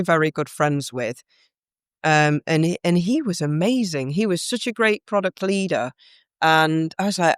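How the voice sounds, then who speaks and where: A woman's voice: lowish voice, moderate pace, clean tone, no echo, studio quality. A woman guest in a podcast interview, telling a heartfelt, reflective story about her career.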